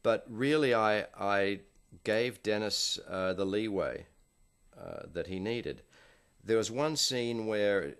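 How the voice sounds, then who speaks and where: An older man with a very low voice tells stories from a film shoot in an interview. He keeps a dry, anecdotal delivery and acts out the people he quotes. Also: a bit bright. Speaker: film director.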